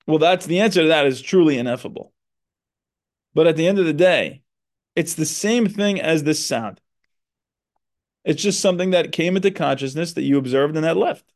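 Higher-voiced guy, therapist doing a thoughtful podcast monologue, earnest, leans hard on key words. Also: normal speed, long pauses. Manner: earnest, explanatory, with emphatic stresses. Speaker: psychotherapist and podcast host.

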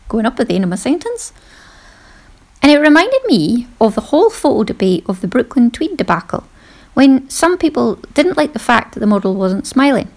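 A middle-aged woman hosts a podcast in a casual monologue, chatty and self-deprecating, laughing often. Her voice is on the high side, a little mellow, very animated, and moderately paced.

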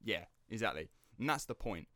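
Podcast host, English man, Estuary accent, lively storyteller who swears casually, lowish voice. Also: moderate pace, no echo, studio quality. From England. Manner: animated storyteller, swears freely. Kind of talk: casual chat.

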